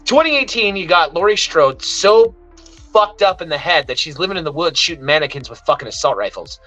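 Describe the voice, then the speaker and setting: A man vents heatedly in a casual movie review chat, his speech full of profanity and sudden animated outbursts. His voice sits a little high and rings bright. The audio is slightly dull and lo-fi, with faint music behind it. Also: brisk. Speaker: podcast co-host.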